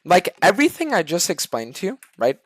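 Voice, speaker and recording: A young man streaming a game, ranting to his chat in a profane, exasperated way that swings from shouting to muttering. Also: sits high, huge pitch swings, a little fast, no echo.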